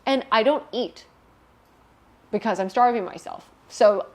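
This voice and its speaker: A woman's voice: fairly high pitch, a little slow. Candid young woman telling her story. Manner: candid, emotional, swears freely. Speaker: interview guest. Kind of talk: personal storytelling interview.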